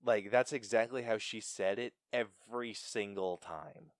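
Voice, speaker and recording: A young man co-hosting a podcast, chatting casually about a film with an animated, stumbling delivery and frequent laughs. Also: on the low side, unhurried, no echo, clean studio sound. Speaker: podcast co-host. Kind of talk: casual film review chat.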